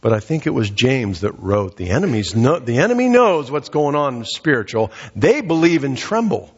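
A man's voice: medium pitch, sing-song, moderate pace, husky. A man preaching a sermon in a conversational way, asking rhetorical questions and voicing the people he quotes. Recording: dull lo-fi recording in a reverberant hall.

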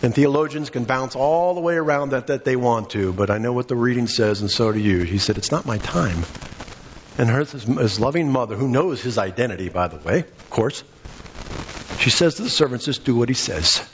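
A man's voice: mid-range voice, animated, brisk, highs cut off, slight background noise. A man preaching a sermon with passion, acting out the voices of the people in his story. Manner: impassioned, acts out quoted voices.

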